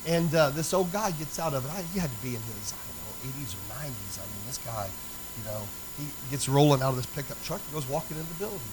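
A man's voice: medium pitch, fast talker, noisy background. A man preaching a sermon as pastor, folksy and emphatic as he tells a story. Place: church sanctuary.

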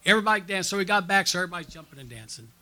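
High, bright-voiced male preacher. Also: expressive, rapid-fire. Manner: storytelling with audience call-and-response; conversational, frequent "okay?" and "amen?" checks. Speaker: pastor. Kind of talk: conference sermon.

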